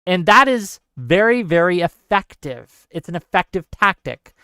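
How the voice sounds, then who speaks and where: A man's voice: high voice, very animated, measured pace, bright, forceful tone, clean tone, no room sound, clean studio sound. A man hosting a talk show, speaking emphatically in casual political chat and restarting his thoughts. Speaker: show host.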